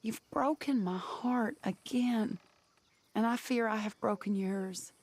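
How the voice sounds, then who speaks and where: A heartbroken letter writer. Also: female voice, on the high side, a little mellow. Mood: tender, sorrowful. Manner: tender, sorrowful, measured. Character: gentle heartbroken woman reading a farewell letter. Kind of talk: game voice acting, letter read aloud.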